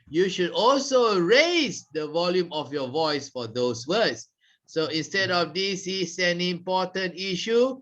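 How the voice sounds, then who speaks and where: A man teaching a public speaking class, explaining slowly and demonstrating vocal stress himself. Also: high voice, big pitch swings, bright, forceful tone, dull audio. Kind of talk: classroom lecture.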